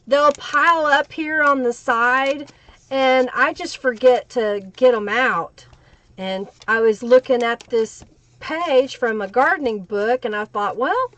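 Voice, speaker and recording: A woman's voice: sits high, a bit bright. A woman with an Oklahoma Southern accent hosting a live crafting stream, chatting casually and answering viewer comments as she works. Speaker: livestream crafting host.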